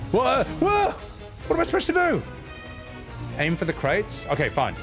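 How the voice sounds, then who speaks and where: A man streaming a video game, swearing and ranting at the controls, then mumbling softly to chat. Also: very high-pitched. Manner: swears a lot, rants loudly at the game, then drops to soft mumbles. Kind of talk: live gameplay commentary.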